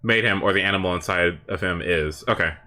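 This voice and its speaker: A man's voice: sits low, brisk, a crowd in the background. A man chatting casually on a live stream, rambling and hesitant with many fillers. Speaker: livestream host.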